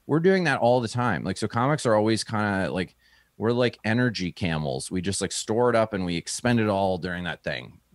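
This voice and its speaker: Man, comedian guest, casual storytelling, lowish pitch, dry close sound. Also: brisk, no room sound. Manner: animated storyteller, acts out quotes in a higher voice.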